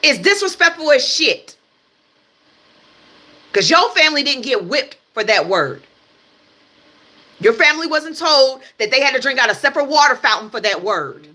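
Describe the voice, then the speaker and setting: A young woman from the United States streaming live and ranting, her voice high and sharply bright. She is blunt and emphatic, swears freely and drives each point home by repeating it. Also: sing-song, moderate pace, pauses often. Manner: blunt, emphatic and profane, hammering points with repetition. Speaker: livestream host. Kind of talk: heated livestream rant.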